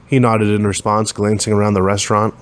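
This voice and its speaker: A man with a fairly low voice reads a science fiction story aloud. He keeps the telling plain and steady, lifting his voice only a little when the characters speak. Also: fairly quick. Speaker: narrator.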